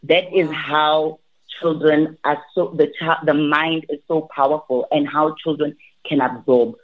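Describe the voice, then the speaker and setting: A woman, a language teacher, giving advice in an interview, animated and often restarting her sentences. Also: sits low, measured pace. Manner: animated, repeats and restarts, acts out quotes. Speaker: language academy teacher, guest. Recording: tinny phone-like line.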